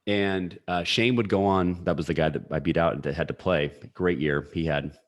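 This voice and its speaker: A man in his forties telling a personal story as a podcast guest, energetic and full of fillers. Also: low voice, moderate pace. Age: 40s. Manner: energetic, story-driven talk with frequent fillers. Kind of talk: casual storytelling.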